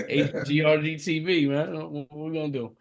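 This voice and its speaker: A man's voice: a little high, level tone, moderate pace, vocal fry. A man co-hosting a casual podcast, laid-back and laughing, with many fillers. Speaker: podcast co-host.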